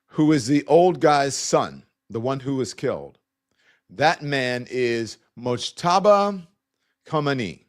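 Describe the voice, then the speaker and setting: A middle-aged man hosting a live news stream in a loose, conversational way. His voice sits at an ordinary pitch for a man. He often restarts his sentences and speaks in asides to his crew. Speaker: host of a live online news talk show. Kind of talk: live-stream news commentary with viewer shout-outs.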